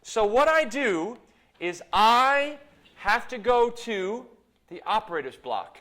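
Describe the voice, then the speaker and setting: A man's voice: high voice, very animated, takes it slowly, bright, forceful tone. A man giving a live university lecture while demonstrating code, playful and self-mocking in his asides. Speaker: computer science lecturer. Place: lecture hall.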